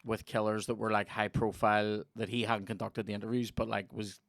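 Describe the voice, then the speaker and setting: A man's voice: fairly low pitch, fairly quick, creaky, dry recording, clean studio sound. A young Northern Irish man hosting a podcast, telling stories in casual chat and swearing freely. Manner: swears a lot, tells animated stories. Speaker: podcast host.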